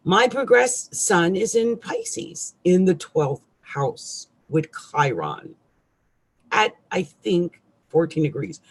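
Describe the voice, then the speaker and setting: A middle-aged woman astrologer ranting irritably on a live stream, with loud outbursts and quiet asides. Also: fairly low pitch, big pitch swings, takes it slowly, slightly rough.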